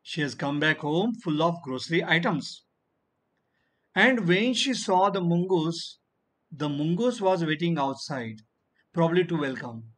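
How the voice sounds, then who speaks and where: Male teacher, fairly high voice, online class, explains by repeating and answering his own questions. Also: expressive, unhurried, fairly bright tone.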